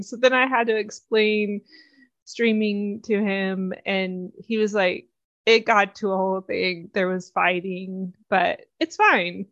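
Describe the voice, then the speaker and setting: A woman's voice: mid-range voice, steady tone, unhurried, a bit bright, dry recording. A woman in casual fan chat, enthusiastic and laughing through her stories. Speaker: podcast co-host. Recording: dull dry lo-fi sound.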